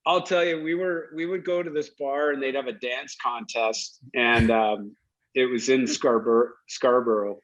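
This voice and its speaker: A middle-aged man, a guest, telling stories from his playing days in a casual, animated way, laughing as he goes. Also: mid-range voice, moderate pace. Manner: animated storyteller who laughs while telling anecdotes. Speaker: guest, former hockey player. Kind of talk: casual storytelling. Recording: dull lo-fi audio.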